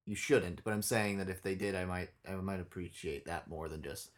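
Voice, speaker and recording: Telling a profane, animated story, a young podcast co-host keeps things blunt on a casual show. His voice sits low and he speaks fairly quickly.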